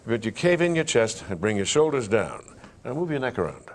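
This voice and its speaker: Animated man demonstrating voice exercises. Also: mid-range voice, fairly quick. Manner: animated storyteller who demonstrates vocal exercises aloud. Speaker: interview guest, stage performer. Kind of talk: conversational interview.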